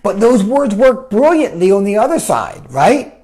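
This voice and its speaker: A life coach with a high voice speaks at normal speed in a casual coaching talk, responding to viewer comments. He's animated, acts out quoted voices, and keeps tagging his points with "right?".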